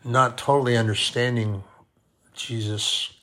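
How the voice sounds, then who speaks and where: A man preaching a sermon, deliberate and repeating key phrases for emphasis. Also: medium pitch, level tone, sharp tone.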